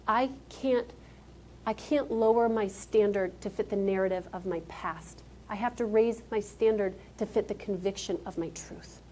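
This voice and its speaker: A woman's voice: medium pitch, normal speed, darkish tone, a little hiss or hum. A woman giving a motivational keynote speech on stage, talking emphatically and directly to a live audience. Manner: emphatic, direct, calls out to the crowd.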